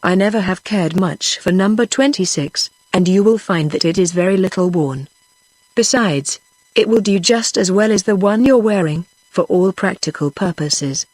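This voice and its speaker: Haughty vain princess, storybook, synthetic woman reading, even delivery, dry. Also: mid-range voice, normal speed, no room sound, lightly acted.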